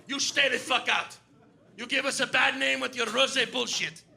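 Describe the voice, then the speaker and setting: A man's voice: very high voice, fairly even intonation, normal speed, vocal fry, bright, forceful tone, exaggerated voice. A man doing Marta, a menacing female bouncer. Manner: threatening, blunt.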